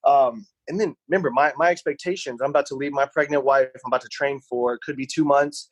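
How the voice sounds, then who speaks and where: A man's voice: mid-range voice, a little fast, husky, no echo, poor audio. A young man on a podcast, rambling through a personal story and acting out what people said. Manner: rambling, animated anecdote with voiced quotes. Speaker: podcast co-host. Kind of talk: casual storytelling.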